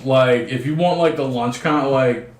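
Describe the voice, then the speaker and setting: A man's voice: mid-range voice, measured pace, far from the mic. A young man co-hosting a podcast, joking crudely and rambling with lots of fillers. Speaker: podcast co-host. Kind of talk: casual banter. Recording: roomy, faint background noise.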